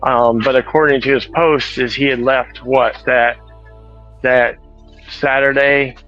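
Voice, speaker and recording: A man's voice: mid-range voice, level tone, takes it slowly, faint music behind. Casual male streamer, talks on the go in a store, self-correcting, slightly lo-fi phone audio. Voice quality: rambling, corrects himself often. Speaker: truck driver streamer. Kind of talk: casual chat while shopping. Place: large store.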